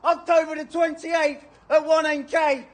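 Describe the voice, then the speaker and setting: A man's voice: extremely high pitch, flat delivery, unhurried. Man playing a pompous arrogant king. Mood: furious. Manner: grand, condescending, mocking, rising to furious shouts. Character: pompous arrogant male king, haughty and vain. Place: outdoors near stables. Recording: distant outdoor clip with faint ambience.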